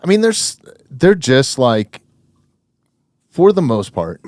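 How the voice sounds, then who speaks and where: A man hosting a podcast, chatting in a relaxed, reflective way with many fillers. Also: medium pitch, takes it slowly, no room sound, studio quality. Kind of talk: casual conversation.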